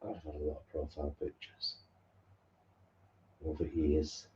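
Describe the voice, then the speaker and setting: A man's voice: a bass voice, level tone, normal speed, dark tone, highs cut off. A man co-hosting a casual live stream from home, chatting in a down-to-earth, bantering way. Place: home lounge.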